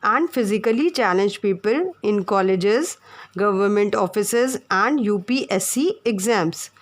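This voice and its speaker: A woman's voice: mid-range voice, expressive, measured pace. A woman teacher, explaining words to young pupils and spelling them out letter by letter. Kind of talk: online class lesson.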